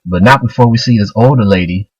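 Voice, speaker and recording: Guy recapping a manga, low husky voice, dry sound, rambly. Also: fast talker, darkish tone, no echo, highs cut off. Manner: loose and rambling, filler-heavy. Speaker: manga reviewer. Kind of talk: casual retelling of a manga chapter.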